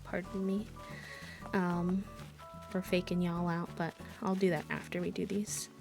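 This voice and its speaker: A woman's voice: fairly low pitch, flat delivery, unhurried, creaky, over music. A woman from Wisconsin chatting casually and rambling as a live streamer while she plays a video game. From Wisconsin, USA.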